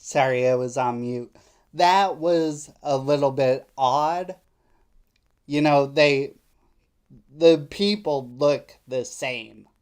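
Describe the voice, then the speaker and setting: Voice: mid-range voice, takes it slowly, darkish tone, smooth. A live stream host giving political commentary in a skeptical, indignant way.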